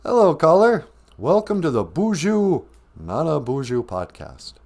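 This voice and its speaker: A man's voice: fairly high pitch, sing-song, creaky, darkish tone. Playful Minnesotan man in his fifties. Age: 50s. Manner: playful, laughing, drawls phrases out slowly. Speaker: podcast host. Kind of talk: casual comedic podcast chat.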